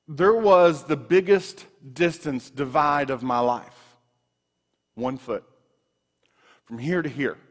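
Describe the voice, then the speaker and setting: A man preaching a sermon, telling personal stories in an animated way with frequent restarts, in a church sanctuary. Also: a little high, slow, long pauses. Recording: long reverb of a large room.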